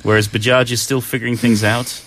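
A man's voice: medium pitch, little pitch movement, brisk, fairly bright tone. A man co-hosting a casual language show, talking in a chatty, teasing and playfully self-deprecating way. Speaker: co-host.

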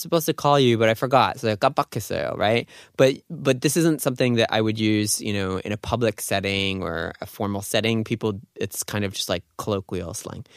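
A man's voice: fairly low pitch, creaky, no room sound, clean studio sound. A man hosting a radio language lesson in an upbeat, casual, chatty way. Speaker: radio host and Korean teacher. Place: radio studio.

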